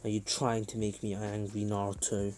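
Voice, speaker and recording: A man's voice: on the low side, completely flat delivery, normal speed, darkish tone, lightly acted. A man voicing a proud, prickly teenage boy ninja who speaks with curt scorn. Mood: scornful.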